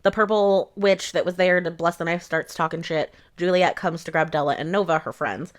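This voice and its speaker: A woman's voice: fairly low pitch, normal speed. A woman giving a casual rant-style book review, blunt, profane and sarcastic.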